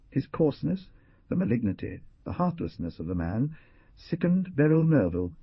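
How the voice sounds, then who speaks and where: An expressive male narrator reads dramatically, his low, husky voice rising and falling a lot. The recording is dry and dull, with a lo-fi band. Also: normal speed, no echo. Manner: expressive, theatrical. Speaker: audiobook narrator.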